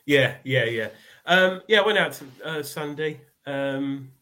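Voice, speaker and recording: A man's voice: on the high side, expressive, a little slow, pushed and bright. Casting note: English male co-host, chatty and rambling, congested voice. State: bunged up after illness. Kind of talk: casual podcast chat.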